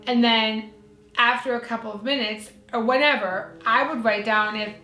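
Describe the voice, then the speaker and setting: A woman's voice: a little high, moderate pace. A middle-aged woman, a guest psychic medium, telling a story in casual chat and acting out the people in it. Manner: animated storyteller, acts out the people in her story. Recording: echoey room, faint music.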